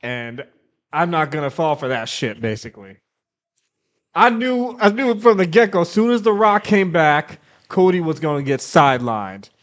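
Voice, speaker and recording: Wry, cynical man, animated pitch. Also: normal speed. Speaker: podcast co-host. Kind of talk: casual wrestling chat.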